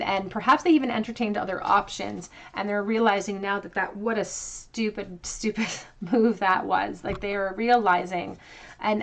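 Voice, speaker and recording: In a gravelly, mid-range voice, a tarot reader guides viewers through a pick-a-card reading. She comes across as sincere and reflective, lingering on key phrases to emphasize them.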